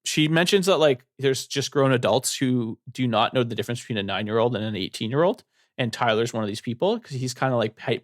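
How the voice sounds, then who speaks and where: A man's voice: mid-range voice, no room sound, clean studio sound. A man co-hosting a book podcast, retelling a horror novel's plot loosely, with lots of fillers. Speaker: podcast co-host. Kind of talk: casual book discussion.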